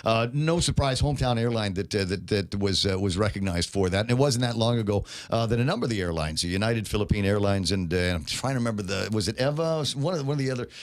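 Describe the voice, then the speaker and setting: A man's voice: lowish voice, expressive, fast talker, hardly any pauses. A man hosting a casual talk radio interview, chatty and rambling, steering the talk with questions. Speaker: radio show host.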